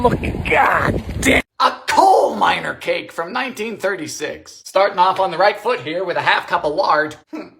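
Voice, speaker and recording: Theatrical, sardonic man with a lively voice. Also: a little hiss or hum. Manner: theatrical and sardonic, with sudden jumps in pitch and loudness. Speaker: host of a vintage cooking show. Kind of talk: comedic cooking narration.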